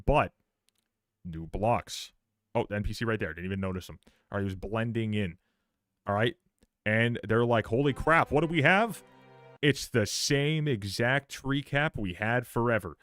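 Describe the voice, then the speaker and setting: A man's voice: lowish voice, normal speed, a bit bright, no room sound. A man streaming live, reacting to a game trailer in sarcastic, profane commentary, often repeating words and restarting his sentences.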